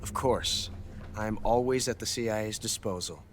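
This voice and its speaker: A man's voice: fairly low pitch, a little hiss or hum, natural voice. A man playing Revolver Ocelot, sly spy. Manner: measured, smug, composed delivery. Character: scheming male triple-agent spy, smooth and sly. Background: loud game score.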